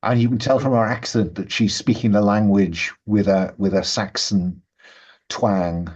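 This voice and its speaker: A man narrating as game master of a tabletop game, soft-spoken and thoughtful, with some fillers. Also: lowish voice, steady tone, a little slow. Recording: dull lo-fi sound.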